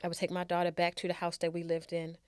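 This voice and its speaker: A woman's voice: on the low side, completely flat delivery, fast, darkish tone, clear, resonant tone, no echo, studio quality. A middle-aged woman, a show's guest, candidly telling her own life story in a heartfelt way.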